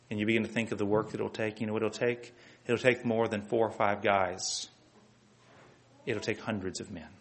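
A man preaching a fervent sermon, firing rhetorical questions at the congregation. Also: fairly low pitch. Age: adult with children. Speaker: pastor.

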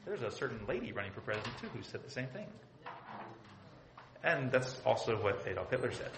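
A man's voice: medium pitch, very animated, a little fast, noisy background. A male pastor preaching a sermon in a church, emphatic, asking the congregation rhetorical questions and repeating his points. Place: church sanctuary. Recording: echoey church room.

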